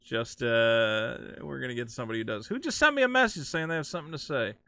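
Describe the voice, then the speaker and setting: A man's voice: mid-range voice, no room sound. A man hosting a call-in show, chatting casually and joking around with guests. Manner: animated, joking, quick to riff. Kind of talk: casual chat.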